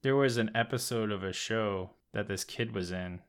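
A man co-hosting a podcast in casual chat, laid-back and deadpan. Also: lowish voice, moderate pace, clean tone. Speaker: podcast co-host.

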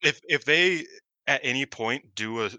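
A man co-hosting a podcast in casual chat, excited and laughing as he talks. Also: mid-range voice, moderate pace, dry recording. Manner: excited, laughing, swearing freely. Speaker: podcast co-host.

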